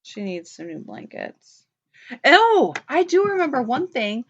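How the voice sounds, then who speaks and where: A woman's voice: sits high, sing-song, a little slow, slightly rough. A woman co-hosting a radio show, chatting casually and swearing freely as she tells a story, laughing often. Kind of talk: casual chat. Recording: dull lo-fi podcast audio.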